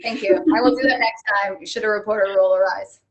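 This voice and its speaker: A woman actor chatting casually on a live stream, telling animated stories and laughing at herself. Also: medium pitch, fast talker, muffled recording. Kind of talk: casual chat. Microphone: webcam on a live stream.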